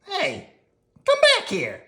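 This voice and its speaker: A woman voicing an exasperated little male squirrel in a storybook read-aloud, exclaiming in a high grumble. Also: wildly swooping pitch, takes it slowly, pushed and bright, roomy sound, exaggerated voice. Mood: chasing.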